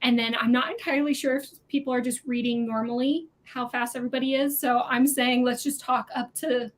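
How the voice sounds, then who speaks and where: High-voiced gushing book club host woman. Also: fairly quick. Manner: gushing and animated. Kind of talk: casual group video chat.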